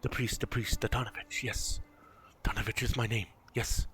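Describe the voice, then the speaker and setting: A man voicing a weak old priest who has gone mad. He speaks in a hoarse, mumbling voice and keeps repeating himself. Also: mid-range voice, steady tone, moderate pace, fairly bright tone, close to an everyday voice. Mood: dazed.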